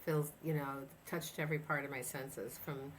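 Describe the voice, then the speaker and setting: A woman's voice: sits low, steady tone, moderate pace, a little hiss or hum. A woman in her sixties from the United States, a chiropractor telling travel stories in a casual interview, rambling with many fillers and restarts. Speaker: guest chiropractor.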